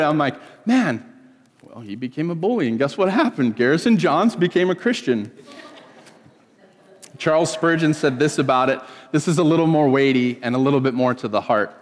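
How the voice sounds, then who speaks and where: A man's voice: on the high side, in a large hall. A man from California preaching a sermon, telling stories and acting out the voices of people he quotes. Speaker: pastor.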